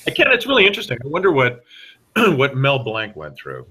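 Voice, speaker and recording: Middle-aged guy on a podcast, bright punchy voice, lively stories with lots of restarts. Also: mid-range voice, a little fast, slightly rough. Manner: animated storyteller with many restarts. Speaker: voice actor guest. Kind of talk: casual podcast interview.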